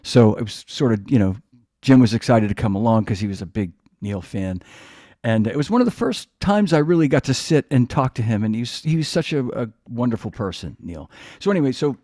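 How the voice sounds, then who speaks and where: A man's voice: medium pitch, dark tone, no echo, studio quality. Man hosting, reminiscing casually. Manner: reminiscing, conversational. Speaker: host. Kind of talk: casual podcast chat.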